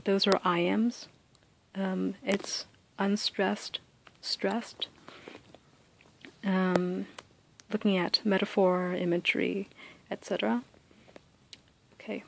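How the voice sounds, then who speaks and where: Flat, gravelly-voiced woman teaching poetry. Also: medium pitch, slight background noise, poor audio. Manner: thinking aloud with many ums and uhs; reads poem lines slowly and deliberately. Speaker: teacher explaining close reading. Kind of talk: casual spoken lesson.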